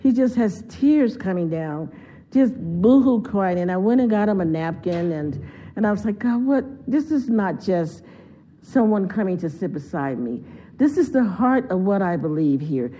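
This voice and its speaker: Woman guest preacher, mellow voice, earnest and heartfelt, dull lo-fi church recording. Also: medium pitch, animated, normal speed. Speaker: guest speaker. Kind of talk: sermon storytelling.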